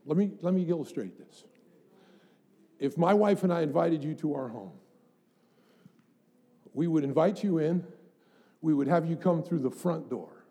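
A man's voice: on the high side, unhurried, pauses often, warm tone, breathy edge. A middle-aged man preaching a sermon as pastor, emphatic, building up with rhetorical questions to the congregation.

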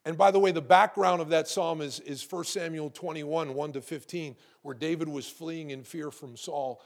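A middle-aged man preaching a sermon to his congregation, lively and conversational, asking rhetorical questions and often repeating words. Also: fairly high pitch, normal speed. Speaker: pastor.

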